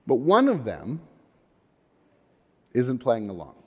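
A pastor preaching a sermon in a lively, conversational way, posing rhetorical questions to his congregation. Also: a little high, moderate pace, long reverb tail. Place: church sanctuary.

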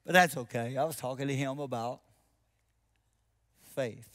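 A man with a mid-range voice preaches unhurriedly, sharing a story in his sermon. He acts out each voice in a conversation and softens to an intense hush for the key points.

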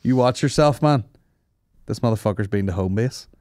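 A man's voice: medium pitch, normal speed, a little mellow, no room sound. A man hosting a comedy podcast, rambling and swearing freely in casual banter on a close mic. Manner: sweary, rambling, laughs at his own jokes. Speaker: podcast host.

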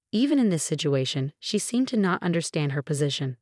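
A woman giving scripted narration of a personal story in an even, steady manner. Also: sits low, a little fast, no echo, studio quality.

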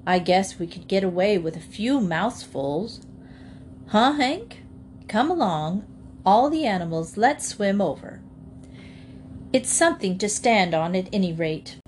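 A sturdy, level-headed cow leads the way in this storybook, as a woman reader plays her. Her speech is firm and practical. Her voice sits at an ordinary middle pitch. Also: expressive, a little slow, a little mellow, slight background noise, natural voice. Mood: cheerful. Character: sturdy brave female farm cow, sensible leader.

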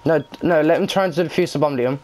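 A young man chatting while gaming, excitable and swearing a lot. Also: fairly high pitch, fast talker, a little hiss or hum. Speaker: gamer. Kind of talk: casual gaming chat.

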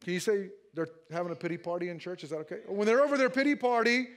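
Preaching to his congregation at a fast clip, this pastor's voice sits high with fairly even intonation. He jokes around and laughs frequently throughout the sermon, performing quoted lines in different voices.

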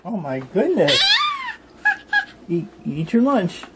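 A man's voice: high-pitched, very animated, takes it slowly, shouting. An older man, a grandfather, talking playfully with small children at home in a coaxing, sing-song way. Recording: noisy home video.

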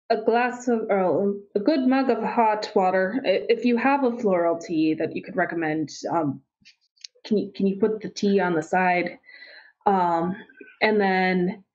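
A woman's voice: mid-range voice, darkish tone, dull audio. A woman playing a tabletop role-playing game, speaking politely with hesitations. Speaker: player.

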